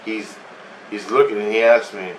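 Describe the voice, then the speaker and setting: A man's voice: lowish voice, steady tone, normal speed. A man casually recounting a dream, meandering and swearing freely as he goes. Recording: echoey room, distant mic, faint hum.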